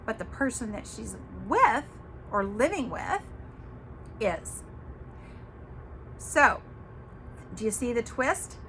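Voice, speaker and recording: A woman's voice: on the high side, bright, forceful tone, a little hiss or hum. A woman hosting her own podcast, talking casually and emphatically to viewers, giving tough-love advice with the odd cuss word. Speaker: podcast host.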